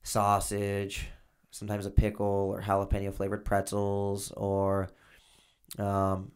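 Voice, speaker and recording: A man's voice: fairly low pitch, monotone, a little slow, clean tone. A man co-hosting a podcast, telling loose, filler-heavy stories in casual chat. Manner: rambling, filler-heavy storytelling. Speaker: podcast co-host, former inmate.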